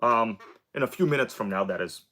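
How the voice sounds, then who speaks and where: A man hosting a casual live stream, chatting excitedly with viewers and reading their comments aloud. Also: fairly low pitch, brisk, slight background noise. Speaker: RC car livestream host.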